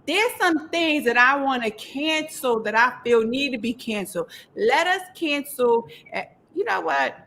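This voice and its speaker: A middle-aged woman hosts a casual podcast chat in a fairly high voice. She talks emphatically, circles back to repeat her points and laughs often. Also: expressive, measured pace, hardly any pauses, fairly bright tone. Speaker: podcast host.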